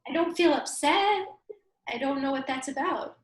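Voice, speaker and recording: A woman on a video call, relaxed and tearful, laughing between her words. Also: high-pitched, moderate pace, reverberant. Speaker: meditation group member. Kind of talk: casual group video call.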